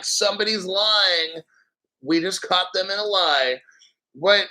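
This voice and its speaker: A man hosting a crypto video talks in a forceful, bright, somewhat high voice. He reads a news article and keeps cutting in with hyped, boastful reactions. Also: low-quality recording. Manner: hyped, boastful, laughing often. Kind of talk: excited commentary reading an article.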